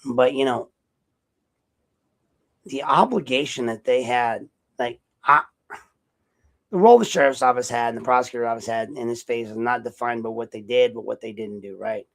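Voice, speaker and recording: A man's voice: medium pitch, normal speed, pauses often, low-quality recording. A man hosting a solo podcast monologue, rambling and sarcastic, with profanity and frequent self-corrections. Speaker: podcast host, investigative journalist.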